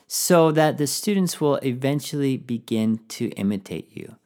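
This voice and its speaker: A man's voice: a little high, normal speed, few pauses, darkish tone. A man hosting a teaching podcast, giving encouraging classroom tips and often singing short phrases.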